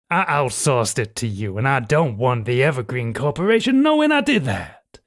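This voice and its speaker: A man puts on a folksy small-town sheriff who drawls in homespun slang and hedges nervously around what he wants. The voice sits at an ordinary middle pitch for a man, and the delivery is chatty and sheepish rather than stern. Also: big pitch swings, a little slow, no echo, clean studio sound. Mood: confiding.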